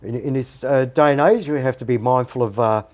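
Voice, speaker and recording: A man, a podcast guest telling stories in a measured, reflective way. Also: medium pitch. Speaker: guest, character impersonator. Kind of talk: casual podcast interview.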